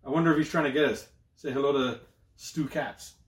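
A man's voice: mid-range voice, steady tone, a little fast, echoey room. A Canadian man co-hosting a podcast, telling loose, profane stories full of slang in casual chat. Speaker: podcast co-host.

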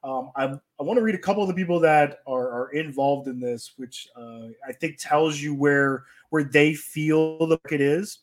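Male podcast host, slightly higher voice, relaxed chatty delivery. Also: normal speed, few pauses. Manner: loose and conversational, many fillers and restarts. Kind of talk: casual sports-tech chat.

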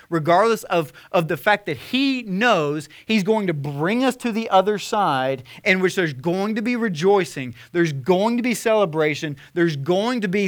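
A young man preaching a sermon as a pastor, conversational with fillers, swinging from impassioned emphasis to hushed tenderness. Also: fairly high pitch. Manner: earnest, rising to impassioned emphasis then hushed.

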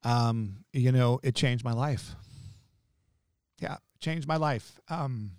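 A man's voice: medium pitch, slow, a little mellow, clean tone, no echo, clean studio sound. A man, guest director of a ministry, telling personal family stories in a heartfelt, emotional conversation, often repeating and restarting his words.

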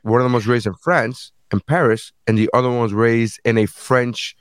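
A man's voice: medium pitch, steady tone, normal speed, no echo. A man co-hosting a podcast in casual chat, teasing and arguing, with frequent swearing. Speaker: podcast co-host.

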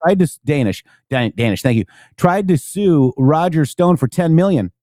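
A man co-hosts a loose political talk stream, and his voice sits a little high. He keeps firing off rhetorical questions and leans hard on his points. The sound is dry and close. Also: lively intonation, normal speed, mellow, no room sound. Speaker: co-host.

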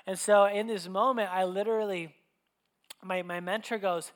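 A young man preaching a sermon, telling personal stories in an animated, conversational way with frequent restarts. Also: high-pitched, normal speed.

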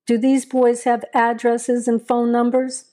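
A woman voicing a stern, steady male small-town sheriff who gives firm, measured commands. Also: on the high side, pitched above the performer's own voice, lightly acted.

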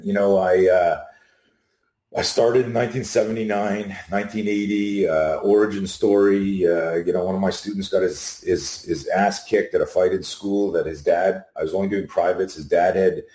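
A middle-aged man, a self-defense instructor guesting on a video call, telling animated stories and acting out the people he quotes. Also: low voice. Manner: animated anecdotes, acts out quotes. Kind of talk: storytelling in an interview. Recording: echoey room.

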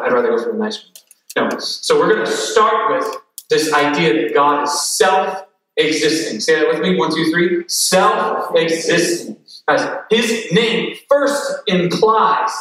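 A male pastor preaching a sermon with lively energy, drawing the congregation in to repeat after him and tossing in joking asides. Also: on the high side. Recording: echoey hall from far off.

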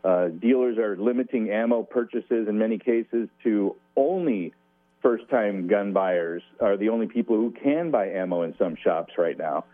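Low-voiced man on a phone line. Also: lively intonation, dry recording. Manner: measured, dry humor, frequent uh fillers. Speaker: law professor and radio guest. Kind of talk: radio interview.

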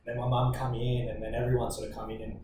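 A man in his twenties with an Australian accent, telling a personal story as a podcast guest in an earnest, reflective way with halting bursts. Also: mid-range voice, little pitch movement. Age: 20s. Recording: very echoey room, distant mic, ambient noise.

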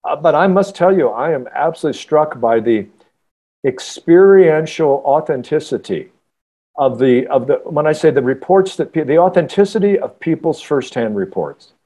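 A man, an author guest on a podcast, telling a story in a halting, earnest way with many restarts. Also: fairly high pitch, animated, mellow. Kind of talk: casual podcast interview storytelling.

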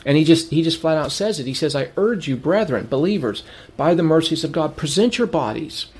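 A man's voice: lively intonation, fairly quick, breathy edge. A man preaching a sermon, earnest and emphatic. He repeats phrases for stress and asks questions that he answers himself. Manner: earnest, repeats phrases for emphasis, rises in pitch when urging.

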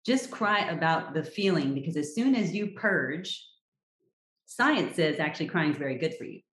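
A woman health coach speaks in a lowish voice with direct, emphatic advice. She talks like a frank coach to listeners. The recording carries a roomy echo. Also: lively intonation, normal speed, fairly bright tone. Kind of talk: podcast interview.

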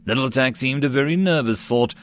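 A man narrating a web novel as an audiobook, in a steady storytelling read. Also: mid-range voice, fairly quick, slight background noise.

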